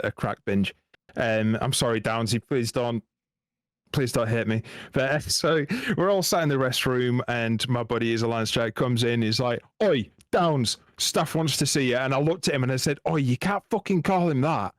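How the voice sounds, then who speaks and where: A man's voice: mid-range voice, normal speed, no room sound, studio quality. A man, a podcast guest, telling sweary, self-mocking army stories in casual chat.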